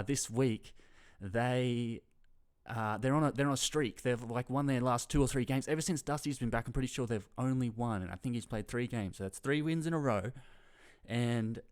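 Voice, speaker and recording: A man's voice: mid-range voice, a little mellow. A young Australian man giving a casual, rambling footy commentary, swearing freely and sometimes losing his train of thought. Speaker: footy tipping vlogger.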